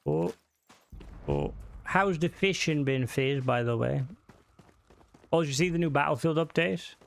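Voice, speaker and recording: A man's voice: a little high, very animated, unhurried, vocal fry. A man chatting casually on a live stream about game mods, swearing freely, rambling and joking, sometimes humming to himself. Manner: hums and sings to himself between remarks. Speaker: livestreamer reviewing game mods.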